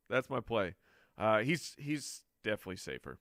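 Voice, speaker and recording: Here a man sits on the lower side of the pitch range, speaking a little fast with lively intonation and a slightly bright tone. He's a fantasy football analyst taking viewer questions in a relaxed live Q&A, bantering with the crew and laughing often. The studio audio is clean, with no room sound.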